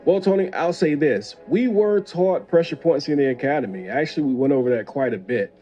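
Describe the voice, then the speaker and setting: Commentary host, man, dark mellow voice, lo-fi sound with faint music under. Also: on the high side, fairly quick. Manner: conversational, opinionated, reads viewer email aloud. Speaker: host, former police officer. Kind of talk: casual commentary.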